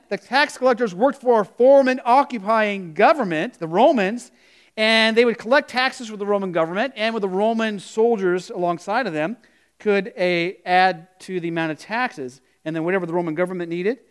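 High, clear-voiced man preaching. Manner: conversational storytelling, asks congregation questions. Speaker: pastor. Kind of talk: sermon.

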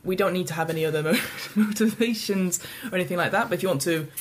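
A woman's voice: fairly low pitch, fast talker, slight background noise. Woman explaining a tabletop game setup. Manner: explaining with many restarts. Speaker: game organiser. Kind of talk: casual tabletop game chat.

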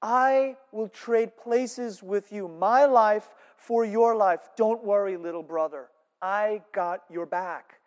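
A solemn, protective biblical elder brother, as a preacher acts him out, speaking slow and drawn out, his vow swelling. The voice sits high and lifted, ringing through a big hall with a long echo. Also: warm tone, natural voice. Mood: solemn pledge.

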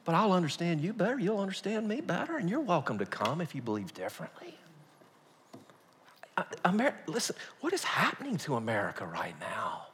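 A male pastor preaching a sermon in a folksy storytelling way, swinging from hushed asides to loud outbursts. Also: high voice, wildly swooping pitch, a little fast, a little hiss or hum. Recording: long reverb of a large hall.

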